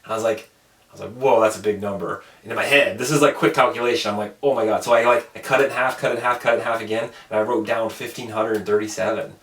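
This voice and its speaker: A man's voice: mid-range voice, steady tone, racing, fairly bright tone, echoey room, distant mic. A man hosting a podcast, telling a rambling story in casual chat, swearing and acting out the people he quotes. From Alaska. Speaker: podcast host.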